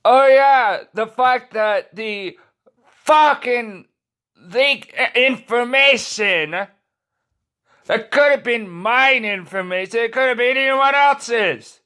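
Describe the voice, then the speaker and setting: Taking it slowly, a man unleashes a furious, profanity-filled rant at the camera in an extremely high, pushed and bright voice that stays smooth. He curses constantly and trips over his words, making stumbling restarts.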